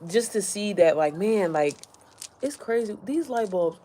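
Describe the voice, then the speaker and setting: A woman's voice: mid-range voice, lively intonation, a little slow, mellow, a little hiss or hum. A woman chatting casually to her followers from home, rambling, easily sidetracked and often speaking straight to her viewers. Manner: rambling, chatty, keeps addressing viewers directly. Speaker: online business creator.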